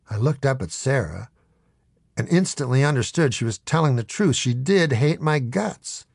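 A man telling a comic first-person story in a deadpan, mock-dramatic narration. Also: mid-range voice, moderate pace, creaky, slightly rough, no echo, studio quality.

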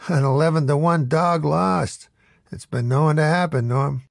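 A man voicing a calm, amused male bookmaker who has seen it all, in a raised voice in a spoken story. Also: a little high, a little slow, vocal fry, dry recording, clean studio sound.

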